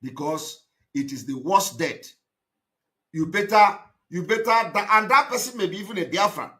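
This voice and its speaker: A man giving a live broadcast monologue, emphatic and repetitive, breaking into shouted outbursts. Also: high-pitched, lively intonation, normal speed. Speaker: activist broadcaster.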